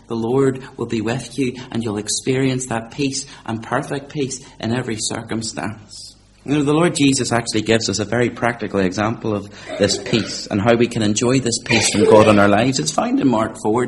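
A man preaching a sermon, swinging from loud, high-pitched exhortation to quiet, slow, low emphasis. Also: slight background noise.

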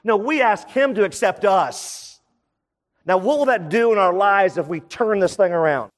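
A man preaching a sermon in a conversational style, full of quick asides. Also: high-pitched, lively intonation, in a large hall. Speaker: pastor.

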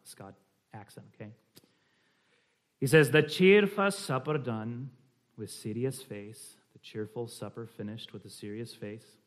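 A man teaching a church class on family worship, talking in a conversational, explanatory way with frequent restarts and fillers. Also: mid-range voice.

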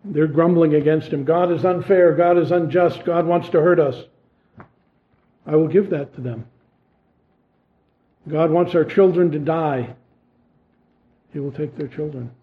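A man preaching a sermon in an earnest way, asking pointed questions and then dropping his voice low. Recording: tinny phone-like sound.

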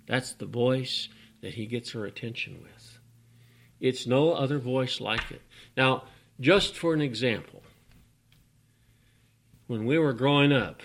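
A man's voice: medium pitch, vocal fry, fairly bright tone, a little hiss or hum. A man preaching a folksy, emphatic sermon, with sudden rising bursts.

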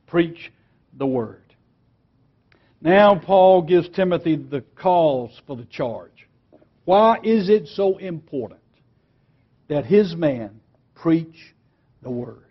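A man teaching a lesson on preaching, emphatic and earnest, slowing down and dropping quiet on key words. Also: high-pitched, slightly rough, dull audio. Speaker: preaching instructor.

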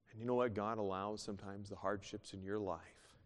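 Male pastor, lowish voice, sermon delivery with loud peaks and whispered asides, reverberant sanctuary. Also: steady tone, brisk. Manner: swings between loud emphatic bursts and soft hushed asides. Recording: long hall reverb.

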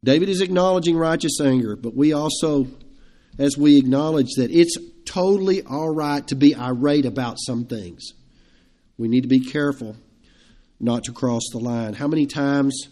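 A man's voice: medium pitch, normal speed, mellow. A man preaching an evening sermon to his congregation in a conversational, emphatic way. He chuckles between points and asks his listeners questions. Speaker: pastor.

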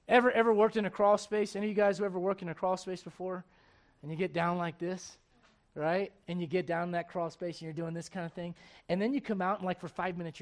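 A man in his thirties, a pastor with a strikingly high voice, preaches quickly and talks to the congregation like a friend. He punches certain lines loudly, then falls back to quiet, almost private remarks.

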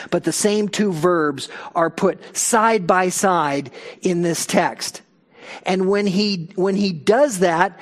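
Male pastor for a sermon read: slow and deliberate, stresses key words, explains the text point by point. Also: high-pitched. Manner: emphatic, explanatory teaching with rhetorical questions. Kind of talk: expository Bible sermon.

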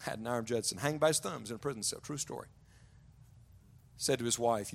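A man preaching a sermon to young adults, telling stories and often dropping to a hushed, low voice for emphasis. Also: fast, vocal fry, pauses often. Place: large church auditorium.

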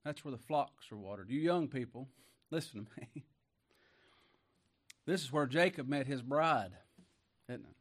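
A man preaching a folksy sermon, reading scripture slowly, chuckling and asking his congregation questions. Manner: bursts into high exclaims; slow scripture reading in King James wording.

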